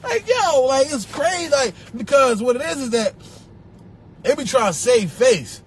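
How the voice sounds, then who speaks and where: A young man with a Philadelphia accent ranting on a live stream, profane and animated, repeating himself and breaking into laughter. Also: very high voice, normal speed, slightly rough. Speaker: social media personality. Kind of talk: rambling live-stream rant. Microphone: phone.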